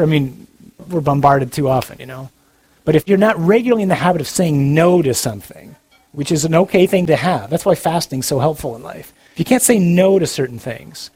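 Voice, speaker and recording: A man preaches with a slightly husky voice pitched a little high. He speaks in an earnest and direct way, yet it stays conversational and plainspoken. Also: darkish tone. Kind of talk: sermon-style talk.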